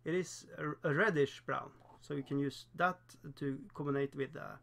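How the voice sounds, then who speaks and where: A man from Norway, speaking English as a second language with a Norwegian accent, hosts a relaxed livestream while painting miniatures. His slightly high voice has a rough, gravelly edge. He's chatty and self-deprecating, laughs often, and halts with fillers.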